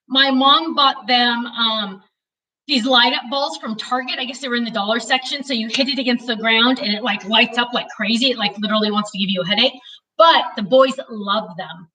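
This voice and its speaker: A woman in her thirties chats through a live craft stream, and she talks loudly because she has no mic. Her voice is high and bright. She is picked up from across an indoor studio. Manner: chatty, self-deprecating, talks loudly to reach distant cameras. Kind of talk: casual live-stream chat. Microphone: no mic, cameras far away. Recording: distant, unmiked room sound.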